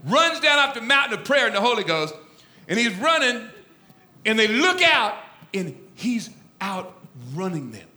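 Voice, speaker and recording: A man preaching a sermon, telling a story dramatically, swinging from loud to hushed. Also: high-pitched, very animated, measured pace, echoey room. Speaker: pastor.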